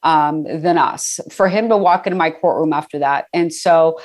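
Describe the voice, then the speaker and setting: A woman's voice: deep voice, moderate pace, darkish tone. Chatty middle-aged woman telling a story. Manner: chatty, laughs often, many fillers. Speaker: guest. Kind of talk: casual interview storytelling.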